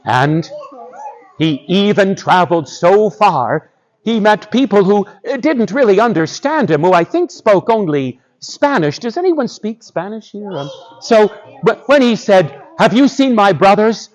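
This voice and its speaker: A male storyteller telling a folktale live to schoolchildren, animated and drawing the audience in. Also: high-pitched, unhurried, dull audio.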